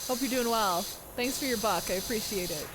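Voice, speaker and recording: Excitable woman streamer gabbing at her chat, kinda high voice, noisy background hiss. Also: fairly quick. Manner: chatty, excitable, talks to the game and chat. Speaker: game streamer. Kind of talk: casual live-stream gameplay chat.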